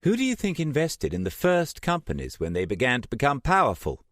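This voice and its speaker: A man's voice: medium pitch, wildly swooping pitch, a little fast, fairly bright tone, no echo, clean studio sound, pitched above the performer's own voice. A man voicing an earnest, driven woman archaeologist. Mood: intense.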